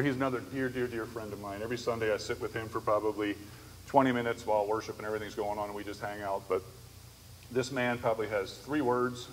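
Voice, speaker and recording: Man lecturing in an echoey hall. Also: medium pitch. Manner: conversational, storytelling with frequent "right?" asides. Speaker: speaker on disability ministry. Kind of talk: church conference lecture. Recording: echoey hall, faint background noise.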